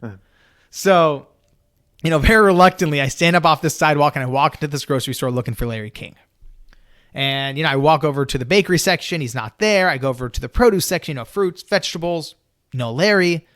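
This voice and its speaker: Young male storyteller, lively and expressive, slightly high voice, dry close mic, lots of "you know". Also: quick pace, no room sound. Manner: lively, acts out his own younger self in a high excited voice; peppers speech with "you know". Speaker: storyteller guest. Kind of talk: animated personal storytelling.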